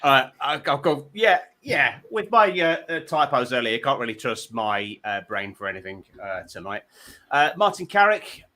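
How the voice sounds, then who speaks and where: A man's voice: mid-range voice, big pitch swings, normal speed, pushed and bright. A man hosting a comedy panel show, telling rambling self-deprecating stories full of stammered restarts.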